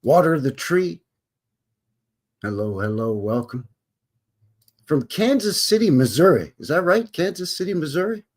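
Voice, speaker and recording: A man's voice: mid-range voice, very animated, a little slow, long pauses, darkish tone. A man from Alberta hosting a casual live stream, greeting chatters with folksy cowboy talk. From Alberta, Canada. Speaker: livestream host.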